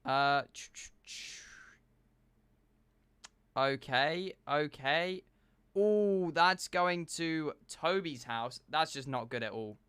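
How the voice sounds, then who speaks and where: A man's voice: fairly high pitch, slow pace, smooth, dry recording. A young man, a streamer, chatting casually and joking back and forth with his live chat. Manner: animated, joking banter with chat.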